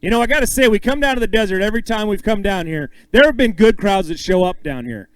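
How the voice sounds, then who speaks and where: A man emceeing a bass-fishing weigh-in on an outdoor stage, upbeat and joking with the anglers as he calls out names and weights. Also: lively intonation, fast talker, dry recording, rough recording. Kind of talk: live emcee announcing with banter.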